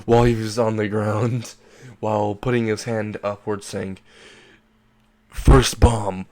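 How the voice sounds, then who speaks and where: A man's voice: fairly low pitch, little pitch movement, normal speed, a little mellow. A young man casually narrating a fan-made anime crossover story, rambling and crude, laughing at his own jokes.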